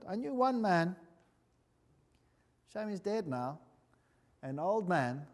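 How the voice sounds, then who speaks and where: A male preacher delivers a sermon in a big reverberant hall, with lively swings of pitch. He talks to the congregation as if in conversation, punching some words loudly and dropping others low. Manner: emphatic, conversational, swings between loud and hushed. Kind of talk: sermon with storytelling. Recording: long reverb of a large hall.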